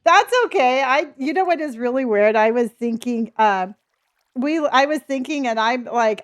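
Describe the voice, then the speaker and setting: A middle-aged woman with a slightly high voice and lively intonation livestreams a game at a normal speed. She chats casually and rambles, reading her chat and laughing often.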